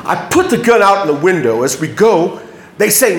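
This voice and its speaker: A man's voice: fairly high pitch, lively intonation, a little fast. A man telling a personal story on stage, emphatic and heavily profane, in an echoey hall. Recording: echoey hall, faint noise.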